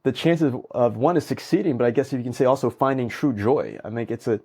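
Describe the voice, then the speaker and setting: A husky, mid-range male voice at a quick pace belongs to a guest telling stories in casual conversation. He's animated and energetically acts out the lines he quotes.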